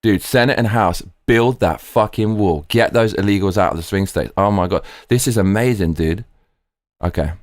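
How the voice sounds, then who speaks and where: A man hosting a live reaction stream, excitable and profane, reading viewer comments aloud. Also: fairly low pitch, normal speed, no echo, studio quality.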